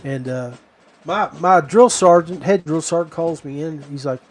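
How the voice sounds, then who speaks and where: A middle-aged man tells a story in a loose, rambling podcast style. His voice sits a little higher than most men's, and he keeps wandering off into asides. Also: normal speed. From West Virginia. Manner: rambling, digressive. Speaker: podcast host. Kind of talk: casual storytelling.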